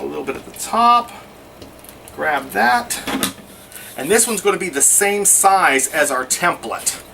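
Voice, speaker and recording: Brief: man, fairly high and bright voice, casual craft tutor, mic set back a little with faint hiss. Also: distant mic. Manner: chatty, narrates each step as he works. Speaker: scrapbooking instructor. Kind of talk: casual how-to demonstration.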